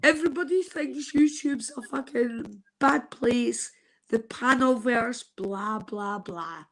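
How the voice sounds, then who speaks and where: A woman's voice: fairly high pitch, takes it slowly, a bit bright. A woman in her fifties gives an earnest, heartfelt testimony on a live stream, swearing casually as she talks. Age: 50s. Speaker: guest sharing a personal testimony.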